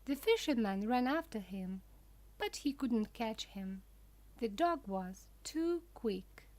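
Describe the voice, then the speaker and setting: A woman narrating a children's storybook for language learners in a careful, deliberate way. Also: a little high, big pitch swings, a little mellow.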